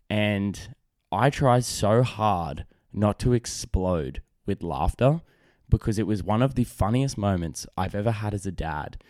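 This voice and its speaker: A man's voice: fairly low pitch, a little mellow, no room sound, studio quality. A young adult man, hosting a casual solo podcast and telling rambling stories with lots of fillers and restarts. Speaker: podcast host.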